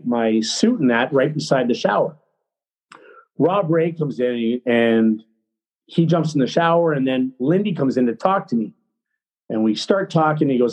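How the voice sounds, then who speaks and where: A middle-aged man, a former hockey player, telling a story as a podcast guest in a blunt, excitable, profane way. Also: mid-range voice, rough recording. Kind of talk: casual storytelling.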